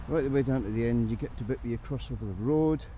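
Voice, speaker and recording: A man's voice: mid-range voice, racing. Scottish man grumbling along a rainy trail. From Scotland. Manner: blunt, grumbling, chatty to camera. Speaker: hiking vlogger. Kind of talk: casual walking commentary. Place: outdoors on a rainy forest trail. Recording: dull lo-fi with loud outdoor noise.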